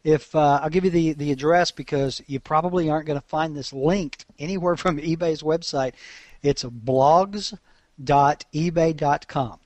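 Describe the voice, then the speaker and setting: A man's voice: a little high, moderate pace, a little mellow, no room sound. Chatty man, dry close mic. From Alabama. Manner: chatty, laughs often, frequent restarts. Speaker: podcast co-host. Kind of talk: casual podcast chat.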